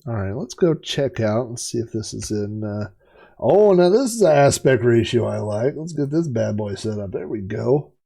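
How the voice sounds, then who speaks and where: A man's voice: mid-range voice, expressive, normal speed, gravelly, dark tone, husky. A middle-aged man streaming retro racing games, chatting in a rambling way and cracking dad jokes. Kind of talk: casual live-stream commentary.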